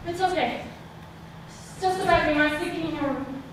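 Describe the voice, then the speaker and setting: A young woman performing a solo stage monologue, dramatic, moving between hushed and shouted lines, recorded live from a distant mic on a theater stage. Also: sits high, normal speed, slight background noise. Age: young adult. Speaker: student performer. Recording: echoey hall sound from a distant mic.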